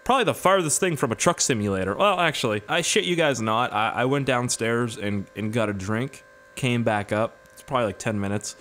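Over the loud engine sounds of a driving game, a male gaming YouTuber rambles casually and profanely. He speaks briskly in a medium pitch with an animated delivery.

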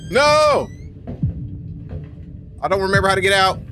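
A man's voice: on the high side, big pitch swings, measured pace, sharp tone. Jumpy young man playing horror game. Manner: jumpy, swears, slangy reactions. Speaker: gaming YouTuber. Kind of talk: horror let's play commentary. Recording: game music behind voice.

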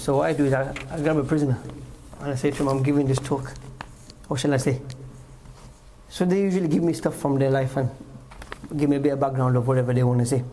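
A man's voice: fairly high pitch, warm tone, a little hiss or hum, poor audio. A man giving a mosque talk, retelling stories and repeating points for emphasis. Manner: storytelling, acts out quotes, emphatic repetition. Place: mosque hall.

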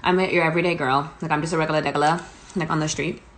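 A woman's voice: low voice, fairly even intonation, very fast, fairly bright tone, reverberant. A young woman, a girl group singer, chatting casually with viewers during a live stream from home, rambling with lots of "like" and "you know". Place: indoors at home, near a heater. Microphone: phone.

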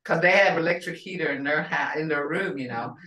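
An older woman teaching a language class, telling a family story in a rambling, warm-hearted way with restarts. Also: sits low, brisk, far from the mic. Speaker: language instructor. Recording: roomy sound from off the mic.

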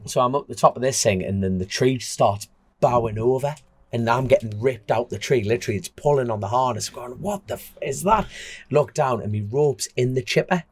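A man's voice: medium pitch, brisk, darkish tone. A man, co-hosting a podcast and telling a rambling story in casual chat. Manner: rambling anecdote teller, blunt. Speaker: podcast co-host.

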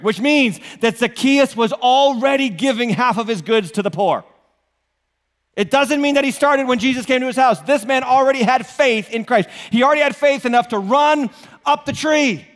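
Man, pastor, New England accent, high-pitched, animated sermon, rhetorical questions, long reverb. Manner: animated, joking asides, rhetorical questions to congregation. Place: church auditorium.

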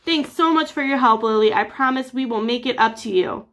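A woman's voice: fairly high pitch, brisk. A woman reading as a plucky boy penguin spy. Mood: urgent. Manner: urgent, excited storybook voice.

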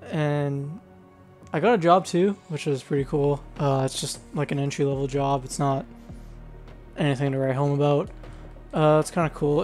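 A man's voice: fairly high pitch, a little mellow. Rambling young man with a raised voice. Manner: rambling, laughing, full of fillers. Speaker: gaming channel host. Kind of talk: casual gaming commentary.

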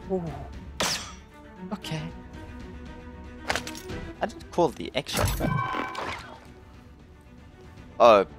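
A man doing casual gameplay commentary who gets excitable, swears and yells when frustrated. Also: a little high, slow pace. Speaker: gamer. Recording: game music playing behind. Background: music.

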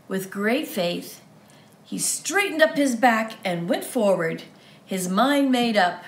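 Woman reading a story to kids, slow and expressive, echoey room. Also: mid-range voice, creaky. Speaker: children's ministry teacher. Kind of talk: reading a story aloud to children.

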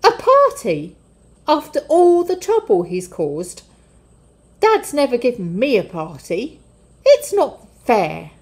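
A woman voicing a resentful older brother in a storybook reading, loud and indignant. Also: fairly high pitch, huge pitch swings, slow pace, voice pushed up, heavily acted. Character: resentful older brother, young man, sulky.

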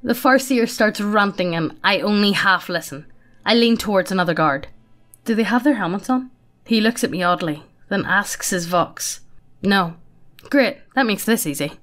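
A woman's voice: medium pitch, moderate pace, fairly bright tone. A woman narrating a sci-fi story aloud in a matter-of-fact, casual way, often breaking into laughter.

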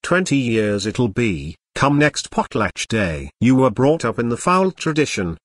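A man's voice: medium pitch, big pitch swings, unhurried, a bit bright, dry recording, studio quality. A synthetic male narrator voice reading the lines of a polite, deferential young officer in an audiobook. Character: polite young bureau captain.

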